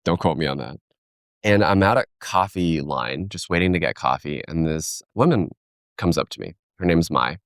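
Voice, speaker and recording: A man's voice: sits low, moderate pace, no room sound, clean studio sound. A man speaking as a keynote speaker in a conversational podcast interview, telling stories animatedly and acting out quoted voices.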